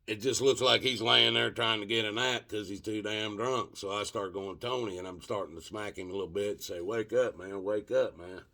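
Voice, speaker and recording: A man telling a rough, profane story in casual spoken style, drawing out the dramatic moments. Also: lowish voice, pushed and bright. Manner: profane, colloquial, drawn-out dramatic retelling.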